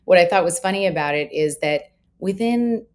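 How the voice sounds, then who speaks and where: A woman's voice: lowish voice, lively intonation, normal speed, darkish tone. A woman in her forties, a parenting expert, chatting candidly and with self-deprecating humor in a podcast conversation.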